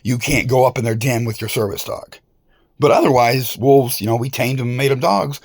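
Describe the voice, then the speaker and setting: A man's voice: mid-range voice, brisk, breathy edge, no echo, studio quality. A man talking straight to the camera in a rambling, profane and confrontational monologue. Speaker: vlogger.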